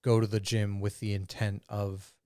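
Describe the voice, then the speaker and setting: A man's voice: on the low side, flat delivery, moderate pace, dark tone, dry recording, studio quality. A man co-hosting a podcast in casual chat. He tells stories with crude jokes and laughs as he goes. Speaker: podcast co-host.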